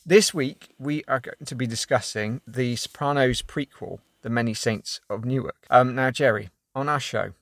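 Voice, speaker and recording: A man's voice: medium pitch, steady tone, moderate pace, hardly any pauses, a bit bright, no room sound. A man hosting a casual podcast, jokey and laughing often, with a South London accent. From West Country of England. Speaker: podcast host.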